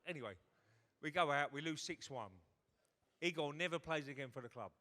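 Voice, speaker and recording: A middle-aged man tells a comic tale on a ballroom stage, swearing freely and slipping into other people's voices. His voice is bright and a touch high. It rings through a large hall. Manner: swearing, quick punchlines, acts out voices. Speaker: guest storyteller. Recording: hall reverb at a live event.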